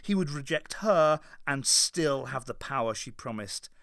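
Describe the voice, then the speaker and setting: A man narrating an audiobook in a dramatic, measured reading. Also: mid-range voice, animated, fairly bright tone, dry recording, studio quality. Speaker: audiobook reader. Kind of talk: scripted narration.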